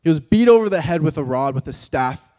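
A man's voice: fairly high pitch, animated, a little fast. Preaching man in a reverberant hall. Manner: vivid, dramatic, swings from loud emphasis to hushed tones. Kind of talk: sermon.

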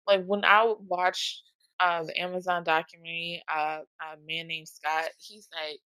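A woman talking casually and emotionally about music, swearing often, with a gravelly voice. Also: lowish voice, little pitch movement, unhurried, bright, forceful tone, no echo, poor audio.

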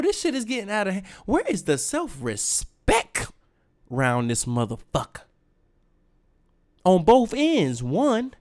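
A young man, hosting a solo podcast and ranting in a profane, animated way with heavy slang. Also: a little high. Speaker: podcast host.

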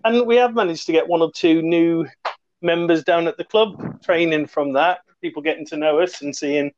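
A man, a podcast guest, chatting in a relaxed way with frequent ums. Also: on the high side, moderate pace. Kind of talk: casual podcast chat. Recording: dull lo-fi call audio.

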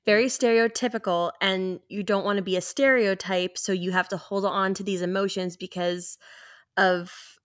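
Halting woman podcast host. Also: medium pitch, steady tone. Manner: gropes for words, halting and restarting. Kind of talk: casual interview conversation.

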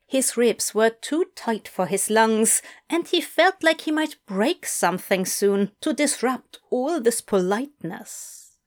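A woman reading fiction aloud as narrator, with unhurried, expressive storytelling. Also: a little high.

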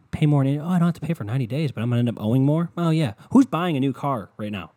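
A man's voice: mid-range voice, quick pace, dark tone, no echo. A man hosting a solo podcast, ranting in a scatterbrained, profane way from a hot indoor room. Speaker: podcast host.

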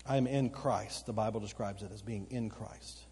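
A male pastor preaching a sermon, swinging between loud emphatic outbursts and slow, quiet, earnest stretches, repeating phrases for emphasis. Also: on the low side, steady tone, breathy edge. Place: church sanctuary. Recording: long church hall reverb. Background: occasional congregation responses.

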